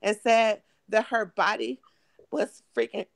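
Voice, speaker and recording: A middle-aged woman from Michigan, hoarse and emotional, telling her story in an interview with halting, restarting speech. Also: on the high side, no room sound. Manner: halting, repeats words, restarts often. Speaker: guest, mother of missing woman.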